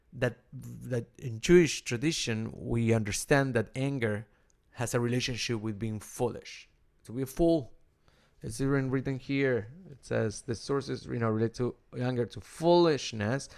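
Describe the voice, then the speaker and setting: A middle-aged man, a rabbi and cantor with an Argentine Spanish accent, giving an informal teaching talk, halting often and repeating words as he restarts. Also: mid-range voice, vocal fry, a little mellow.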